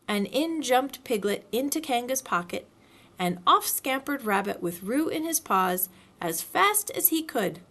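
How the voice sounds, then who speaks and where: Woman librarian reading a storybook aloud, expressive, bright tone, very lively pitch. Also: unhurried. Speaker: children's librarian.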